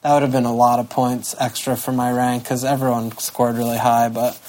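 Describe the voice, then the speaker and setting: Deadpan podcast cohost guy, pretty monotone, swears casually. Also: medium pitch, a little fast. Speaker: podcast co-host. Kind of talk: casual chat.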